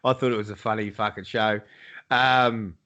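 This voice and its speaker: A man's voice: on the low side, steady tone, normal speed, bright, forceful tone, muffled recording. A man with an Australian accent, co-hosting a casual podcast chat over a video call and swearing freely as he talks sport. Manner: sweary, blokey banter. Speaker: podcast co-host. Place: home, lives in Iowa.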